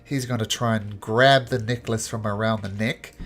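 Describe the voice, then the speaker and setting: A man narrating as game master of a tabletop game, with lively, chuckling narration. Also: on the low side, normal speed.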